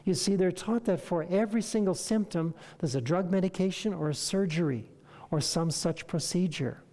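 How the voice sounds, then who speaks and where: A health lecturer addressing an audience, asking rhetorical questions and acting out conversations with lively emphasis. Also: medium pitch, moderate pace, in a large hall. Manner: animated, rhetorical questions, acts out dialogue.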